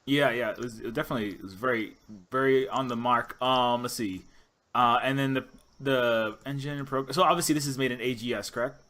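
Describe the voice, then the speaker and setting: Bright-voiced rambling male podcast host. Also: medium pitch, fairly quick. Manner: rambling, lots of "you know" and restarts. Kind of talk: casual interview chat.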